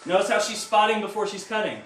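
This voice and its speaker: A man's voice: high voice, quick pace, fairly bright tone. A man teaching stage combat in a live online class, coaching with upbeat energy and counting reps while he demonstrates the moves. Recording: roomy echo, mic at a distance, faint music.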